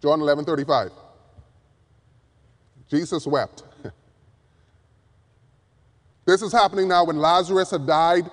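A male preacher delivering an emphatic sermon from the pulpit, swinging from loud appeals down to hushed words. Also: a little high, normal speed, pauses often. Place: church pulpit. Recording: long reverb of a large hall.

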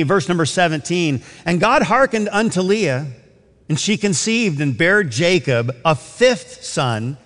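A high-pitched man preaches with a sweeping, animated voice, jumping into the characters' lines as he reads scripture. His sermon carries a long reverb through a church sanctuary. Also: unhurried. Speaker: pastor.

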